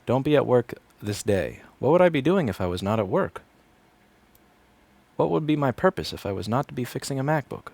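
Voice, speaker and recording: A gravelly-voiced man in his thirties chats on a livestream from a repair shop. He rambles and swears freely. His tone is sardonic. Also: medium pitch, big pitch swings, a little fast, darkish tone, no echo. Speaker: repair technician. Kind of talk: casual livestream chat while working.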